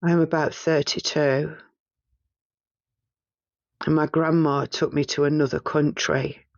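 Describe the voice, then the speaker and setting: A man recounting a past-life regression in the first person, in a halting, hesitant way as he searches for words, on a slightly muffled recording. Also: a little high, flat delivery, vocal fry, no room sound.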